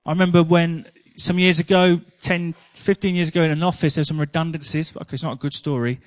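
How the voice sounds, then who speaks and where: A man's voice: a little high, flat delivery, quick pace, no echo. A man preaching a sermon in a chatty, humorous storytelling manner.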